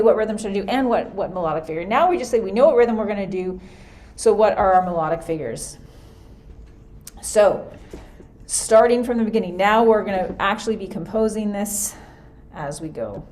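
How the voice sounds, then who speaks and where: A woman's voice: medium pitch, darkish tone. Woman music teacher, casual think-aloud lesson, computer mic. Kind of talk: screen-recorded lesson. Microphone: computer mic for a screen recording.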